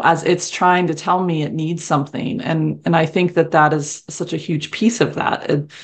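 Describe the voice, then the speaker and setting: A woman hosting a podcast, speaking in a gentle, reflective way. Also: low voice, gravelly. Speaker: podcast host. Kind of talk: casual conversation.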